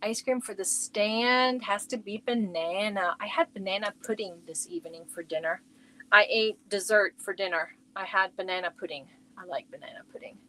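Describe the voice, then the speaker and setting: A woman's voice: medium pitch, moderate pace, pushed and bright, poor audio. A woman hosting a casual crochet livestream from home, chatting and reacting to viewer comments as she shows yarn. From Germany.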